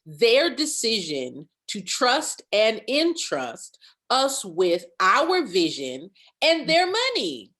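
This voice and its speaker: Animated, lively-pitched woman. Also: slow. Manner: emphatic and animated, laughs loudly, gets loud when passionate. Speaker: nonprofit consultant guest. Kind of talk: candid conversational interview.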